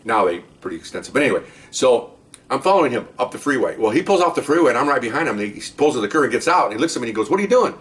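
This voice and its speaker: An older man, a retired undercover police officer, telling stories from his past cases in a casual, animated way and acting out the dialogue. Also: medium pitch, rapid-fire. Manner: animated, acts out the dialogue in raised voices. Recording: voice distant from the mic.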